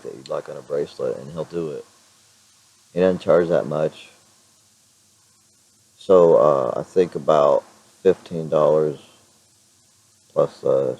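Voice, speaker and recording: A middle-aged man chatting in a casual vlog with a hoarse, raspy voice, rambling with many fillers and restarts. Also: rumbling low, warm tone, muffled recording. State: clears throat now and then. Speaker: vlogger.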